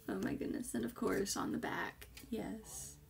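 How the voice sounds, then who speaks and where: A woman unboxing gifts in an unhurried, drawn-out way. Her voice carries a gravelly vocal fry, and she gushes effusively, pausing often on little fillers. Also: mid-range voice, lively intonation. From United States. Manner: gushing and effusive, with hesitant fillers. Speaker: vlogger. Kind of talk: casual unboxing chat.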